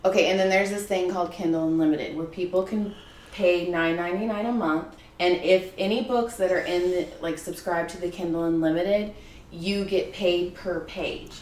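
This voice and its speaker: A woman's voice: on the low side, fairly even intonation, normal speed, darkish tone. Chatty woman on a distant, roomy mic. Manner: chatty, giggly, slips into voices. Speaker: self-published author, guest. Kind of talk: casual chat.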